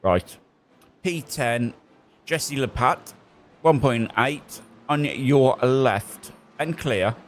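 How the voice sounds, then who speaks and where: A man's voice: medium pitch, lively intonation. Man calling race traffic. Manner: brisk, jokey, calls traffic in short bursts. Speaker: race spotter. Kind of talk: live radio spotting during a sim race.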